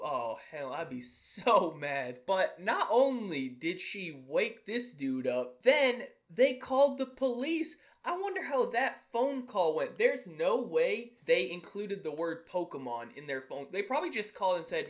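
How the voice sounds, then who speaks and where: A man's voice: high-pitched, very animated, moderate pace, hardly any pauses. A man streaming casual commentary on a news story in a sarcastic, profane, mocking way.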